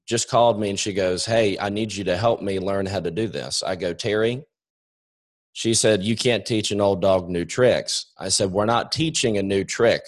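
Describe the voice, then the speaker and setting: A young man coaching his sales team over a webinar, with a voice that sits a little low. He gets his points across directly, says them more than once, and plays out both ends of a phone call himself. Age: young adult. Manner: direct, repeats points, acts out phone calls.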